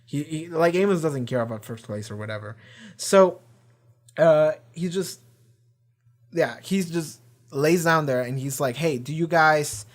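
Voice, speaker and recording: A man hosting a reaction channel, retelling an episode in a rambling, profane and excited way, full of fillers. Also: a little high, unhurried, pauses often. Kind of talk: casual episode recap and discussion.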